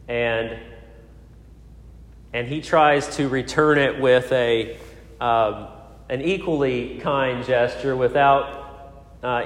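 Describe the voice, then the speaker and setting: Male preacher, mid-pitched, storytelling sermon with hesitant fillers, roomy echoing sanctuary. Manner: storytelling with frequent fillers and restarts. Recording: echoey hall.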